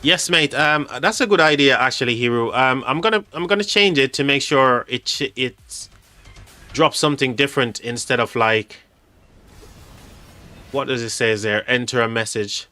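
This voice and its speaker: A man's voice: mid-range voice, moderate pace, pushed and bright, faint music behind. A man hosting a casual livestream, reading chat aloud and laughing often. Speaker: livestream host.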